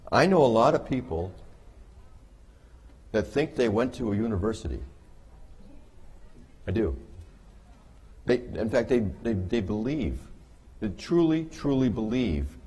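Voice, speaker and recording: Guy giving a jokey conference talk, kinda low and husky, dry wit. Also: darkish tone. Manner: wry, joking, with audience laughter. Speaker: conference speaker on behavior analysis. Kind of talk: humorous conference lecture. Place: conference hall.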